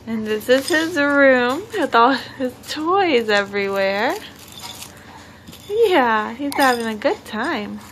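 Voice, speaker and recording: A woman's voice: sits high, animated, takes it slowly, a bit bright, a little hiss or hum. A woman talking baby talk to her little son at home, coaxing and sing-song with gasps of delight, recorded on a home video camera. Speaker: mother filming her baby. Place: indoors at home, child's room.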